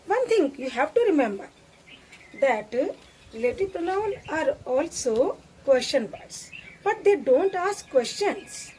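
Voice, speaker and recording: High, lively slow-talking woman teacher. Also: slight background noise. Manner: slow, patient, repeats each example. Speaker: grammar teacher. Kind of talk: classroom grammar lesson.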